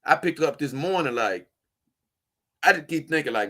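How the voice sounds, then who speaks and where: A doll-collecting vlogger answers viewer comments in a slightly high, expressive, fairly bright voice, moving at a moderate pace with frequent pauses. He talks casually, emphatically, and repetitively with slang, often fumbling words and restarting.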